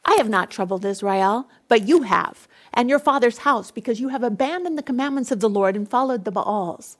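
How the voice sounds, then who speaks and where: A woman voicing the prophet Elijah, a bold and defiant man, declaiming loudly in a sermon reading. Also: fairly high pitch, measured pace.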